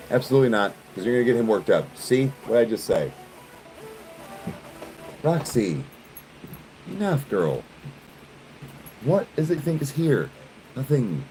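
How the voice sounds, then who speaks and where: A man's voice: mid-range voice, dark tone, poor audio. A man chatting casually in a vlog, talking to the camera and to his dogs. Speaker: vlogger.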